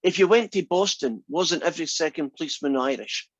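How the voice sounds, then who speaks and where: A man's voice: a little high, brisk, dry recording, highs cut off. A man teaching a statistics class, reasoning aloud and asking the class many questions. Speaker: math instructor. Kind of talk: classroom lecture.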